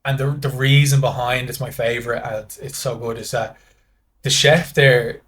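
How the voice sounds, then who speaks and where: A man's voice: mid-range voice, steady tone, normal speed, fairly bright tone, a little hiss or hum. A man with a Dublin Irish accent, a guest in casual podcast chat, rambling through stories full of restarts and acted-out dialogue. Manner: rambling storyteller acting out dialogue, many restarts.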